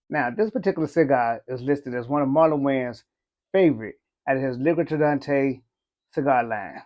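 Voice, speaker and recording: A man's voice: mid-range voice, muffled recording. A man giving a laid-back, conversational cigar review, often saying "you know". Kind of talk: casual review talk.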